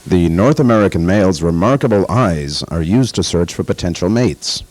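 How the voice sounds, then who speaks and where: A man narrating a parody nature documentary in a measured, dry tone. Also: sits low, lively intonation, darkish tone.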